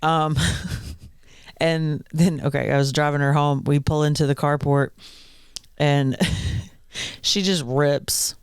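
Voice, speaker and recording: A woman's voice: low voice, slow pace, pauses often, clear, resonant tone, no room sound, studio quality. Woman laughing through a story. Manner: animated storyteller, laughs often. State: pregnant, third trimester. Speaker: podcast co-host. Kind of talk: casual chat.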